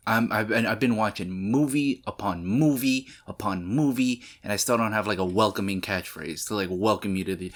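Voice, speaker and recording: A man's voice: medium pitch, expressive, moderate pace, a bit bright. A man hosting a movie reaction channel, rambling casually with stammered restarts and mock-angry rants. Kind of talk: casual rambling vlog intro.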